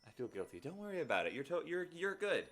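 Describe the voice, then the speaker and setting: A man's voice: fairly high pitch, very animated, fast talker, fairly bright tone. A man streaming a video game live, talking earnestly and directly to his viewers in casual chat. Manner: earnest, talks straight to viewers.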